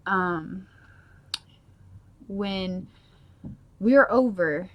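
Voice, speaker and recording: A woman's voice: mid-range voice, extremely slow, dull audio. A young mother sharing her faith testimony at home in a casual, rambling way, full of filler words. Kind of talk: personal testimony vlog.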